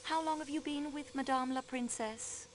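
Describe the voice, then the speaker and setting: A woman's voice: sits high, fairly even intonation, slight background noise, lightly acted. A woman voicing a polite young detective. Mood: inquiring. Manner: polite, measured questioning.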